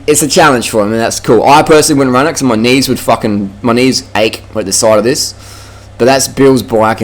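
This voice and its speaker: Australian male cycling vlogger, blunt and profane, casual rant. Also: medium pitch. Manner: blunt, brash, swears freely.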